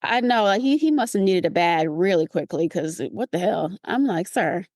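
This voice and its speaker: Podcast co-host, woman, playful and animated, dry close-mic sound. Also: moderate pace, dry recording. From California. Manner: animated, playful, breaks into high mimicking voices. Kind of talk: casual chat.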